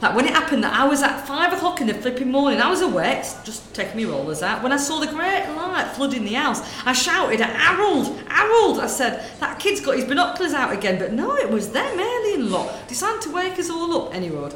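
Cheeky shopkeeper woman, gossipy and lively, played by a woman; roomy. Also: high voice, brisk, hardly any pauses, voice pushed up. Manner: chatty, nosy and cheeky. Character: gossipy middle-aged northern shopkeeper woman. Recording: roomy room sound.

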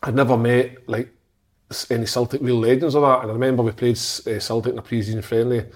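A man's voice: medium pitch, little pitch movement, quick pace. A man, a former footballer swapping rambling, profane stories on a podcast. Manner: profane, rambling anecdotes with restarts. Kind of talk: casual podcast storytelling.

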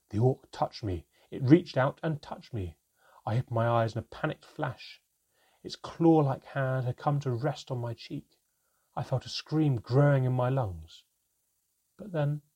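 A man reading a fantasy story aloud, slowing down for dramatic moments. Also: mid-range voice, gravelly, dark tone, breathy edge. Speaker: narrator. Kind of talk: scripted story narration.

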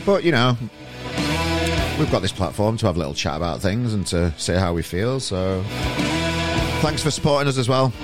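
A middle-aged man hosts a podcast in a fairly low voice, blunt and rambling, with lots of "you know" and "um". Plucked guitar music plays behind him. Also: big pitch swings, moderate pace, long pauses. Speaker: podcast host. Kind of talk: casual chat and rant.

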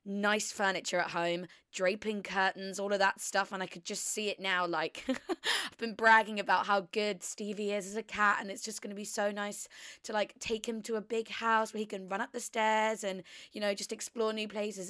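A young woman talks through her week in a casual, confessional ramble full of fillers. Her voice is smooth and clear, sitting in the middle of the range. The recording is close and dry, with no room sound. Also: medium pitch, fairly even intonation, moderate pace, fairly bright tone, no room sound. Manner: rambling, chatty, heavy use of "like". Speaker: podcast host.

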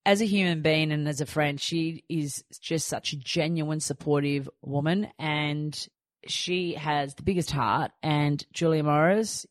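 An Australian host in her thirties, her voice sitting low, tells chatty stories on her podcast, reenacting her own lines. The sound is clean studio audio without echo, and the talk is casual.

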